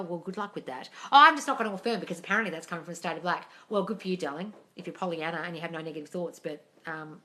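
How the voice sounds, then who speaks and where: A woman hosts a livestream Q&A, reading viewer questions aloud and answering in a blunt, profane way. Her voice sits on the low side for a woman but has a bright, forceful edge. She keeps calling her listeners darling. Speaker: manifesting coach.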